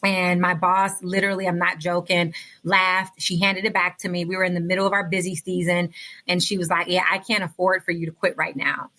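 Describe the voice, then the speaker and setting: A woman's voice: fairly low pitch, level tone, brisk, sharp tone. A woman guest on a podcast, telling her story with heartfelt energy and speaking straight to the listeners. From United States. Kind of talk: casual interview storytelling.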